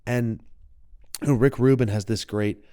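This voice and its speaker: A man's voice: medium pitch, steady tone, normal speed, mellow, clear, resonant tone, no room sound, clean studio sound. A young adult man, a wellness coach and content creator, talking reflectively as a podcast guest and acting out quoted voices. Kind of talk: casual podcast conversation.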